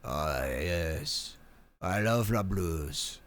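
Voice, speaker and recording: A man's voice: deep voice, expressive, drawn-out words, fairly bright tone, voice pushed down, exaggerated voice. A man voicing a comic mock-French man with an exaggerated, hammy fake French accent. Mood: dreamy.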